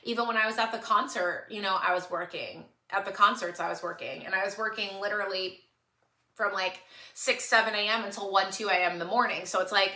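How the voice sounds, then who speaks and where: A woman's voice: medium pitch, fairly even intonation, a little fast, sharp tone. A woman talking earnestly and tearfully to her followers on a live stream, pleading and repeating herself. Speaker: livestream host. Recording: echoey room.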